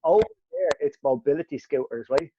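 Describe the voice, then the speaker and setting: A man, co-hosting a podcast and telling animated, sweary stories in casual chat. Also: a little high, fairly quick, creaky, dull audio, background noise. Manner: animated storyteller, swears freely. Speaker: podcast co-host.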